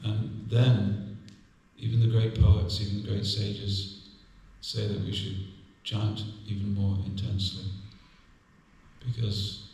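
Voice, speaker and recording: An older man gives a relaxed, humorous sermon and tells stories while chuckling. His voice sits on the low side. It is picked up from a distance in a very reverberant temple hall. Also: takes it slowly, a little hiss or hum. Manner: humorous storytelling, chuckles often. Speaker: temple class speaker. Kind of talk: anecdotal sermon. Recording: echoey hall, distant mic.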